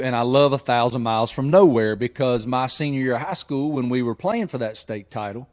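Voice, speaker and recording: A man from southwest Virginia hosting a podcast, telling a hometown story in an animated, joking way. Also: medium pitch. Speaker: podcast host. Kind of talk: casual chat.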